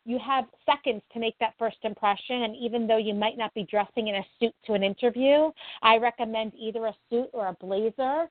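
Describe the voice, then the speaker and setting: A woman from New Jersey answers interview questions in a modest, earnest way. Her voice sits a touch high and sounds dry and thin, like over a phone line. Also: fairly quick, few pauses, dry recording. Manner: modest, earnest, advice-giving. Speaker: interview guest, nonprofit founder.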